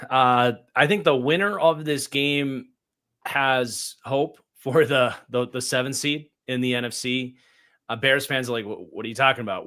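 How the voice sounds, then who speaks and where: A man's voice: medium pitch, bright, forceful tone. Blunt opinionated podcast co-host man. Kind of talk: casual sports podcast analysis.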